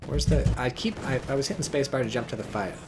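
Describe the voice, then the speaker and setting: A man's voice: medium pitch, fast talker, noisy background. A man giving casual, rambling commentary on a strategy game, joking and swearing as he goes. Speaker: game caster.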